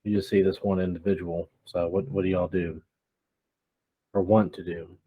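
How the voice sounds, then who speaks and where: A man's voice: low-pitched, flat delivery, moderate pace, slightly rough, dry recording, phone-quality sound. A man narrating as game master of a tabletop game, talking in a hesitant way with many fillers.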